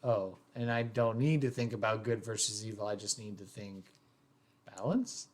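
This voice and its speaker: A man's voice: on the low side, normal speed, close to an everyday voice. A man voicing a shy young male student who stammers nervously. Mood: flustered.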